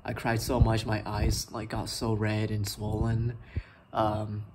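A young adult man vlogging a personal story, talking in a halting way full of likes and ums. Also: on the low side, completely flat delivery, noisy background.

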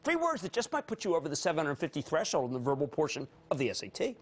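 A man in his fifties with a Philadelphia accent, hosting a high-energy financial TV show, theatrical and given to sudden shouts and quick jokey asides. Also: big pitch swings. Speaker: TV market commentator.

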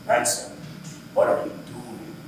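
Stern elderly grandfather, put on by an actor: grave and measured, live stage sound with a roomy echo. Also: far from the mic, natural voice. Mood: reproachful. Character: stern old grandfather, a quiet traditionalist. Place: theatre stage.

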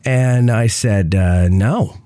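Congested man hosting, low mellow voice. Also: normal speed, no echo, clean studio sound. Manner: rambling, self-interrupting with many fillers. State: congested from a cold, coughing. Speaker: podcast host. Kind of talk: casual chat.

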